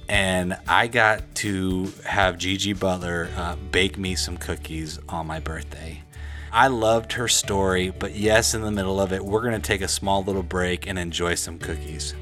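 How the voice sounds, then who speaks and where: A man's voice: low voice, bright, forceful tone. A man hosting a podcast, chatting casually with a guest in a home kitchen. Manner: upbeat, chatty, laughs easily. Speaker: podcast host. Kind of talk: casual interview chat.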